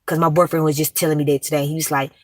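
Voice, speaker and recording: A woman live-streaming from her car, talking fast and bluntly in slangy casual chat. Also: deep voice, little pitch movement, a little mellow, no echo. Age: adult, grown.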